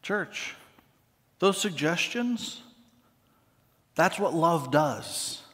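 Earnest pastor preaching in a reverberant hall. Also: male voice, fairly high pitch, expressive, very slow. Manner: earnest, building to emphatic then dropping soft and quiet for prayer. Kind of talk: sermon. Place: large church hall with balcony.

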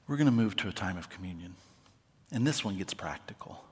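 A man preaching as a pastor, earnest and emphatic, sometimes dropping to a soft, quiet voice for prayer, in a large church hall with a balcony. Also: low voice, animated, fairly quick. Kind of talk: sermon. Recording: long hall reverb.

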